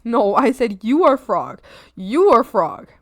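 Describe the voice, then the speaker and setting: High, bouncy playful woman streamer. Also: sing-song, takes it slowly. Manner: playful and silly, with squeals and giggles. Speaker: art streamer. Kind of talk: casual chat with stream viewers.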